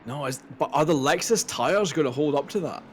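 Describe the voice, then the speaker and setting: A man co-commenting a sim race, dry and measured. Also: a little high, lively intonation, a little hiss or hum.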